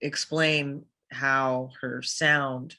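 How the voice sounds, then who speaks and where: Slow, bright-voiced woman guest. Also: a bass voice, flat delivery. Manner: hesitant, many fillers and restarts. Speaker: voice actress guest. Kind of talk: casual interview chat.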